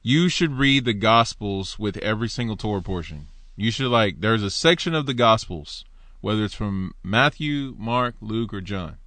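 A man giving an informal Bible teaching in an animated, conversational way, asking his listeners rhetorical questions and reading passages aloud. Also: lowish voice, normal speed, dry recording. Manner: reads scripture aloud.

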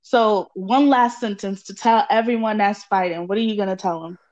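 A woman hosting a casual podcast conversation, warmly affirming and chiming in often with encouragement. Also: mid-range voice, normal speed. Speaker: podcast host. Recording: dull lo-fi sound.

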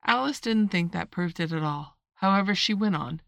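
A woman narrating a storybook in a measured, expressive read-aloud manner. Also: on the low side, gravelly, dry recording. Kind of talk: storybook reading.

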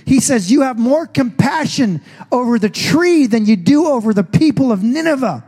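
A man's voice: very high voice, lively intonation, moderate pace, darkish tone. A man preaching a sermon as pastor, telling the story in a casual, joking way. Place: church stage.

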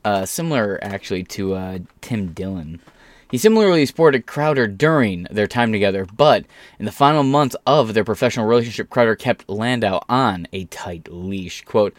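A man's voice: fairly low pitch, animated, normal speed, dry recording. A man hosting a commentary show, talking bluntly and sarcastically with plenty of swearing. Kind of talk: casual profane commentary.

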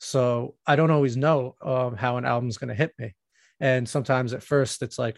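A man co-hosting a music podcast, his voice gravelly and fry-laden. He rambles casually with lots of fillers and restarts. The sound is close and dry. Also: medium pitch, fairly even intonation, brisk, dry recording. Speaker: podcast co-host.

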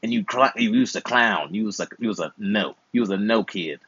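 A man's voice: on the low side, animated, brisk, fairly bright tone, breathy edge, dry recording, highs cut off. A man in his twenties, an uncle hosting a channel, chatting casually and playfully with slangy, teasing advice. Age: 20s. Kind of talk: casual chat while gaming.

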